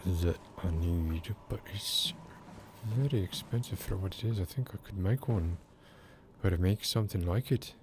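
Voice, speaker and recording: Soft-spoken man streaming a game. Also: low voice, slight background noise. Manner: soft-spoken, rambling, self-mocking. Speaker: game streamer and ASMR creator. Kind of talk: casual livestream chat while gaming.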